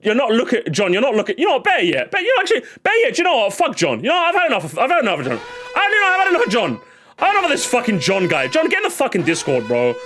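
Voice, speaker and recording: A man streaming live, ranting in a casual, excitable way and swearing often. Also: very high voice, racing. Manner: animated, excitable, swears a lot, repeats himself.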